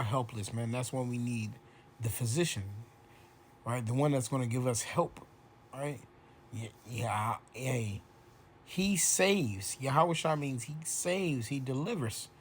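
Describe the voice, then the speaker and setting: A man giving an informal bible lesson, reading verses slowly and aloud, then explaining them in loose, casual speech full of "right?" and "man.". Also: medium pitch. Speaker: bible teacher.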